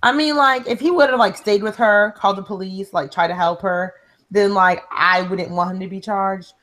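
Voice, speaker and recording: A young woman in a relaxed group conversation. Her voice sits at a middle pitch, and she talks in an easy, informal way, filling her sentences with "like.". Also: normal speed. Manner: conversational, heavy use of "like". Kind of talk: casual chat.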